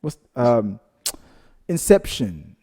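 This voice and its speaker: A man with a mellow, dark-toned voice reads viewer comments aloud on a casual reaction show. He keeps wandering off into side stories and then apologizes for them. His pitch is average for a man. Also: sing-song, extremely slow, breathy edge. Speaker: co-host of a reaction channel reading viewer comments. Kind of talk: casual chat.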